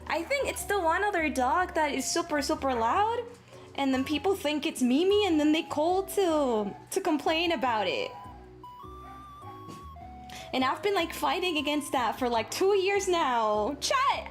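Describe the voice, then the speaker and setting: Woman streamer from Latin America, sore throat, high and bouncy, swears, chats to viewers over faint music. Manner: animated, swears freely, talks straight to chat. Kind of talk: casual livestream chat. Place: her apartment. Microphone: travel microphone.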